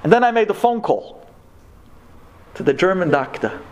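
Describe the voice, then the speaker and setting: A man's voice: high voice, sing-song, moderate pace. A man telling a personal story to an audience, impassioned, with stammering restarts and religious Hebrew and Yiddish terms. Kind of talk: emotional personal storytelling talk. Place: before a live audience.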